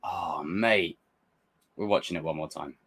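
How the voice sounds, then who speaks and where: Deep-voiced man rambling through a reaction. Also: measured pace, slight background noise. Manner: excitable, rambling, with frequent restarts and swearing. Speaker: reaction video host. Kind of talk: casual reaction commentary.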